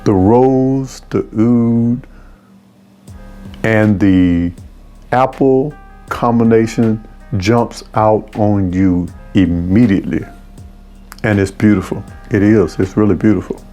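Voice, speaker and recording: A man's voice: fairly low pitch, takes it slowly, long pauses, dark tone, faint music behind. A man casually reviewing fragrances, effusive and savoring each note with exclamations.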